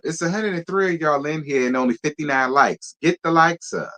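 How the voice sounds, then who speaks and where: A man's voice: a little high, brisk. A man hosting a live-stream review show, talking casually and sassily to his viewers. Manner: sassy, animated, talks straight to his viewers.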